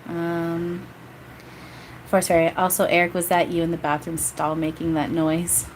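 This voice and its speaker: A woman's voice: on the low side, completely flat delivery, unhurried, very noisy. A woman giving a casual livestream channeling reading, chatty and rambling, often breaking into laughter. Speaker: psychic medium.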